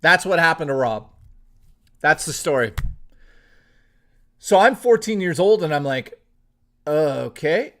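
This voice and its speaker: A man with a slightly raised pitch chats on a live stream. His storytelling rambles and is peppered with profanity. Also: expressive, measured pace, pauses often, a bit bright. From Toronto, Canada.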